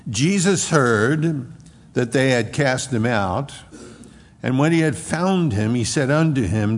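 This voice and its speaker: A man preaching a conversational sermon, retelling a scripture story in a folksy, animated way. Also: medium pitch, slow pace. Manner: folksy and animated, acts out the characters. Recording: echoey hall reverb.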